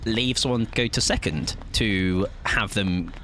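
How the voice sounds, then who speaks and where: A man's voice: on the low side, slow pace, a bit bright, slight background noise. A young man streaming a game live, chatting to viewers in a playful, rambling, jokey way. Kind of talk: casual live-stream chat while gaming.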